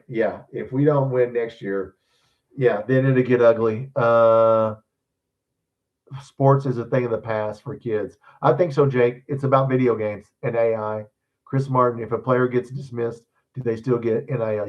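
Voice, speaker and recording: Grumbling sixty-something man with drawl. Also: mid-range voice. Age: 60s. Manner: blunt and grumbling, swears casually. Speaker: host of a sports channel live stream. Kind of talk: casual live stream chat, reading viewer comments. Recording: dull distant mic sound.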